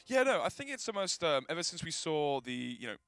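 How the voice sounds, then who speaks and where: A man casting an esports match at the analyst desk, chatty and quick, often talking over his co-caster. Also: fairly high pitch, sing-song, a bit bright, no room sound. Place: studio desk at a live event.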